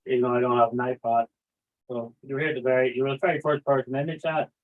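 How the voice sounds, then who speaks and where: A man's voice: mid-range voice, flat delivery, fast talker. Male stream host, loose rambling talk full of swearing, reads chat aloud; tinny phone-like audio. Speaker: livestream host. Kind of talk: casual livestream chat.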